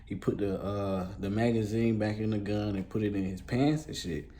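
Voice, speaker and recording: A man's voice: lowish voice, normal speed, mellow. A man telling a casual storytime, talking loosely in street slang with a lot of fillers and swearing. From Columbus, Georgia, US.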